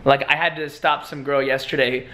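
A man's voice: mid-range voice, moderate pace. A young man chatting casually in a vlog, telling stories and acting out other people's voices. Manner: animated storyteller, acts out quoted voices. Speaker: vlogger.

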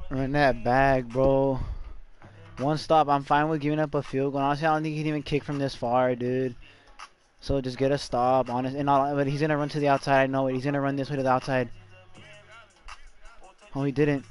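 A man streaming a game live, shouting and swearing excitedly, repeating phrases over and over. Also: mid-range voice, brisk, soft background music. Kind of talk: hyped live gaming commentary.

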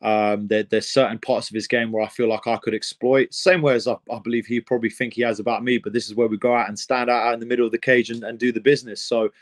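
This young fighter talks fast with few pauses in a medium-pitched voice. In the interview, his replies ramble excitedly, full of fillers and frequent restarts.

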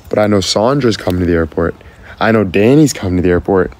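A man's voice: low voice, lively intonation, darkish tone, slight background noise. A man chatting live with his viewers, teasing and joking, laughing often and thanking people by name. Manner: teasing, playful, quick to laugh. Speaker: live streamer. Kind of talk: casual live-stream chat with viewers.

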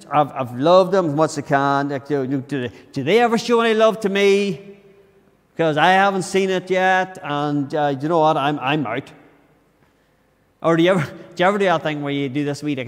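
Northern irish preacher guy, kinda high voice, earnest and chatty, long church echo. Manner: earnest, restarts words, acts out inner grumbles. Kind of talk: conversational sermon.

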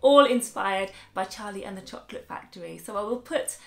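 A woman in her thirties leading a children's music lesson, upbeat and encouraging, explaining things slowly and clearly. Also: medium pitch. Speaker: music teacher.

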